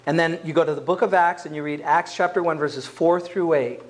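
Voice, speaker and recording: A man with a notably high voice preaches a sermon as a pastor. He speaks to his congregation in a relaxed, conversational way rather than a formal one. His delivery is lively and direct. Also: fairly quick. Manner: conversational, acts out quoted voices. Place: church.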